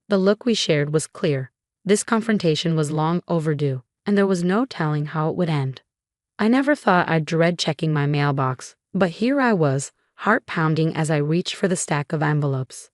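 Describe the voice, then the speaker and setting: A woman narrating a scripted first-person drama story in a steady, even reading. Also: sits low, no echo, clean studio sound.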